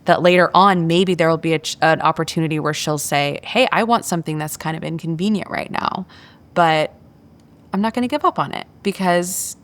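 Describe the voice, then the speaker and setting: Speaking briskly in a low voice, a woman guest on a podcast shares a parenting story in a candid, animated way. She is full of filler words and performs the voices of the people she quotes.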